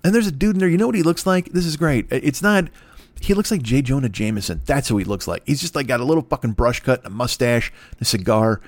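A man's voice: medium pitch, expressive, fast, no room sound. Profane, rambling man on a podcast. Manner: profane, self-deprecating rambling. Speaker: podcast host. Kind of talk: solo podcast monologue.

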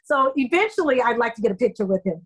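A middle-aged woman with a fairly high voice tells stories from her acting life. She talks in an effusive, animated way, full of fillers. This is a casual interview chat. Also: fast talker, slightly rough, low-quality recording. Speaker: soap opera actor, interview guest.

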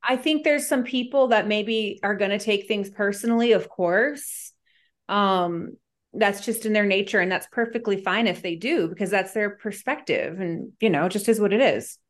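A woman reality show contestant answering interview questions, telling stories animatedly and acting out quoted lines. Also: medium pitch. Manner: animated, quick-paced storytelling with quoted dialogue.

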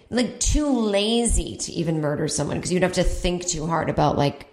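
A woman comedian and podcast host telling a comedic story, animated and acting out voices with big jumps in pitch. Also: moderate pace, roomy sound. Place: home in Brooklyn.

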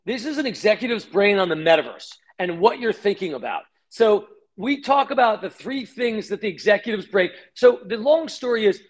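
A middle-aged man, a company founder, telling career stories in an interview, fast and animated, acting out the voices of people he quotes. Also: sits high.

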